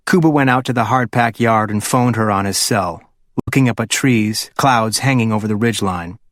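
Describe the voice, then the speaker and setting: A man's voice: on the low side, normal speed, no room sound. Man narrating, dry close sound. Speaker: audiobook narrator. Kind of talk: scripted audiobook narration.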